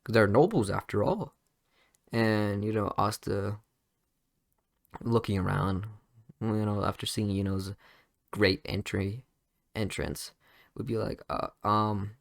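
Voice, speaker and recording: A young man improvises a retelling of a story, rambling along with lots of fillers and restarts. His voice sits low and has a gravelly edge. The recording is dry and close. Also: takes it slowly, pauses often, no room sound.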